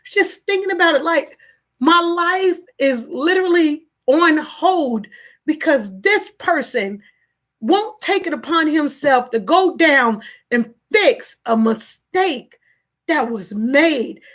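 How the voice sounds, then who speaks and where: A woman's voice: sits high, lively intonation, slow, a bit bright. A woman in her thirties venting emotionally in a personal vlog, tearful and repeating herself as she talks. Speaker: vlogger.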